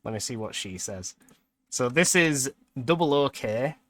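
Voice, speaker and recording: A man's voice: medium pitch, animated, a little slow. A young man casually chatting and laughing often while commenting on a game he is playing on stream.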